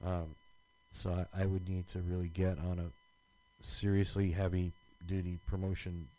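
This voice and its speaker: A man's voice: low voice, little pitch movement, measured pace, warm tone, poor audio. A man co-hosting a podcast in casual chat, rambling with many restarts and fillers. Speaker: podcast co-host.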